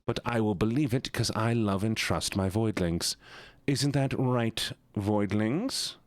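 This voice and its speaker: A man's voice: lowish voice, measured pace, no room sound. A man chatting playfully and animatedly with viewers on a live stream. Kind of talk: casual live-stream chat.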